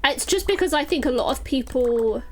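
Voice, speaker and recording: A young woman from London with a softened London accent, chatting casually to her live chat while playing a puzzle game. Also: sits high, animated, moderate pace, faint music behind, low-quality recording. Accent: London English, softened. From London, England. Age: young adult. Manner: chatty, rambling, talks to chat by name. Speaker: streamer.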